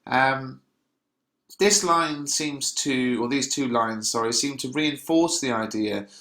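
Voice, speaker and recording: A man teaching a lesson, explaining step by step in a patient way and pausing often to find his words. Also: mid-range voice, sharp tone, echoey room. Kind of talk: recorded classroom explanation.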